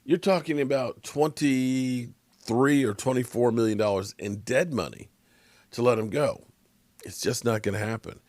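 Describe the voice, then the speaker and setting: A man's voice: mid-range voice, a little slow, darkish tone, no room sound. A tired man giving a casual, rambling sports commentary monologue, yawning now and then. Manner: rambling, conversational, frequent restarts. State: tired, yawning from lack of sleep.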